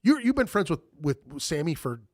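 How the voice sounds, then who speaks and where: Casual male podcast host, a touch high-pitched, dry close mic, loose, profane, rambling delivery. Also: sing-song, moderate pace, no room sound. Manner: loose, swearing, rambling with many fillers. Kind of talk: casual chat.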